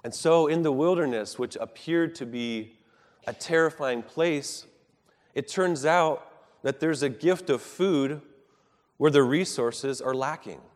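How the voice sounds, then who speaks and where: A man preaching a sermon in an earnest, measured way, rising for emphasis and dropping soft at the ends of thoughts. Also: a little high, in a large hall.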